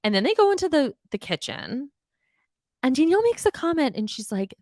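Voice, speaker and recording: A young adult woman with a high voice hosts a podcast, briskly recapping reality TV in a casual, animated, exasperated way. She swears freely and mimics the people she discusses, and the studio-quality recording has no room sound.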